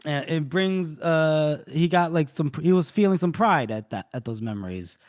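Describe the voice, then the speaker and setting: A man's voice: a little high, lively intonation, moderate pace, a little mellow. Man recapping a story casually. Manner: retells scenes loosely, voicing characters' lines in passing. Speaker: podcast co-host recapping a novel. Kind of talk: casual chat.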